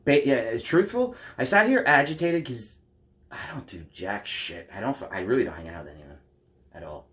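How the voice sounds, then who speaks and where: A man's voice: mid-range voice, sing-song, normal speed, fairly bright tone. A young adult man vlogging candidly from home into a taped-up phone, rambling bluntly and swearing freely. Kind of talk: candid confessional vlog. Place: at home by a couch. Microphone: phone taped in place.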